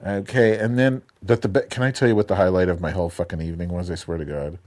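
A man's voice: low-pitched, fairly even intonation, quick pace, a little mellow. A man co-hosting a casual chat show, telling long rambling stories full of profanity and self-mockery. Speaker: podcast co-host.

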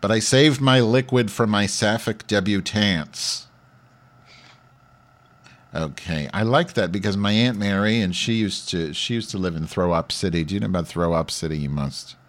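A man's voice: lowish voice, moderate pace. A man working out a crude song parody on the radio, muttering to himself and then belting out lines. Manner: crude, self-deprecating, switches between muttering and loud singing. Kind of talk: comedic radio bit, singing parody lyrics.

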